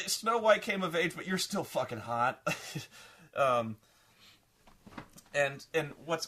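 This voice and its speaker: A young adult man giving a casual, rambling film review, self-deprecating and animated. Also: medium pitch.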